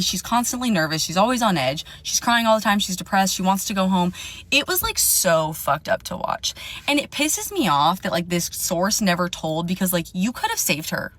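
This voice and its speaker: Animated young woman telling a story. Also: mid-range voice. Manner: animated, swearing, acting out quoted dialogue. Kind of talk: casual storytime.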